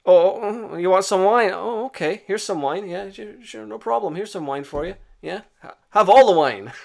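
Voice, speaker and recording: A man's voice: high-pitched, normal speed, creaky, darkish tone, pitched above the performer's own voice. A man voicing a sly medieval prior who pretends to be obliging while he serves the soldiers. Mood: mock friendly. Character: sly medieval male prior feigning politeness.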